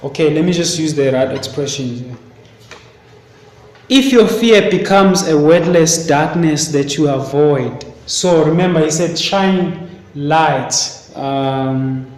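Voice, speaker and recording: A man teaching a literature class. He reads passages aloud and then questions his students. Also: fairly high pitch. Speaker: English teacher. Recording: echoey classroom, faint hiss.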